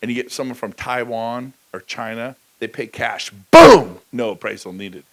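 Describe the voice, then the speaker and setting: On a conference stage, a middle-aged man energetically pitches motivational real estate ideas, shouting in bursts and calling out to the crowd. His tone stays steady at normal speed, and the audio quality is poor.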